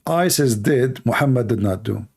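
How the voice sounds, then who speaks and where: On a relaxed live stream, a Middle Eastern Christian apologist whose first language is Arabic fields questions from viewers. His mid-range voice is dark, gravelly and tired-sounding, hoarse from use. He's animated and moves at a moderate pace, leaning on bluntness, sarcasm and one rhetorical question after another.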